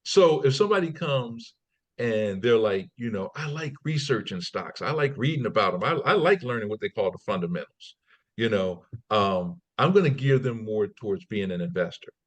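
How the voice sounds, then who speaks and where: A man's voice: lowish voice, normal speed. A man as a podcast guest, talking casually and acting out quoted people in raised voices, often repeating and restarting words. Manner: animated storyteller, acts out quotes in raised voices. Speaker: guest, trading company CEO. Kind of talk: conversational interview.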